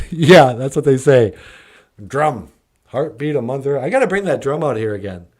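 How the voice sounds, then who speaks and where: A man's voice: mid-range voice, animated, moderate pace, a little mellow. A man in his forties hosting a comedy show, joking in an easygoing way. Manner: jokey and easygoing. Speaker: host. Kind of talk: comedic puppet-show banter.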